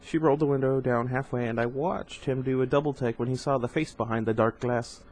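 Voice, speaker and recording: A man's voice: medium pitch, steady tone, brisk, darkish tone, low-quality recording. A man reading a novel aloud in an informal way, with casual asides and stumbles over hard words. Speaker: reader.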